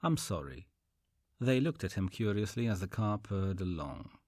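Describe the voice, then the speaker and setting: A man reading an audiobook story in an expressive storytelling manner. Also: fairly low pitch, moderate pace, dry recording, studio quality. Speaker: audiobook narrator. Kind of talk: audiobook narration.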